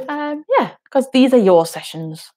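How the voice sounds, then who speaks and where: Gentle woman leading a music session. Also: a little high, sing-song, measured pace. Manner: soothing, encouraging, with many ums. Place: home.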